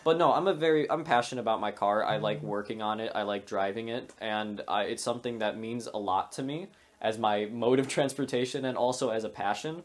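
A man's voice: on the low side, brisk. A young man co-hosting a podcast, talking casually in a rambling way with many restarts. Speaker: podcast co-host. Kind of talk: casual chat.

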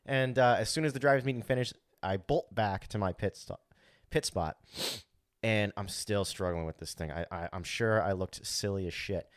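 Storytelling in casual chat on a podcast he co-hosts, a man talks animatedly in a low voice at normal speed. He acts out his own thoughts, swears freely and peppers his speech with "like," in studio-quality sound with no room noise.

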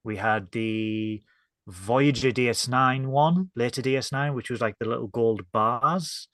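Northern english guy co-hosting a podcast, chatty and jokey, mid pitch, dry close mic. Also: measured pace, a bit bright, no echo. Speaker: podcast co-host. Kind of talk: casual review chat.

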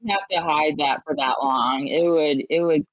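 A woman's voice: low-pitched, moderate pace, no echo. A woman co-hosting a casual holiday podcast chat, explaining things at length in an amused, chatty way. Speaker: podcast co-host. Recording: dull lo-fi mic.

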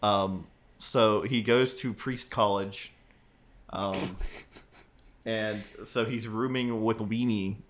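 A man's voice: lowish voice, fairly even intonation, slow pace, long pauses, fairly bright tone. A man co-hosting a podcast, recapping a film in an easygoing way and chuckling often. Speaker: podcast co-host. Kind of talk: casual podcast chat.

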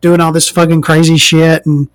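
This podcast host, an American trans woman from the inland US, speaks low and level at a moderate pace. The recording is dry, and her monologue is a laid-back, sarcastic comedy rant packed with profanity.

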